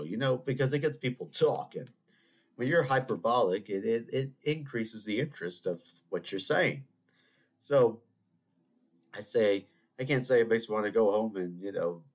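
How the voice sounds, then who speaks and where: A man's voice: on the low side, normal speed. A man hosting a solo podcast, sniffly from a cold, chatting in a rambling, digressive way with joking asides to his listeners. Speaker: podcast host.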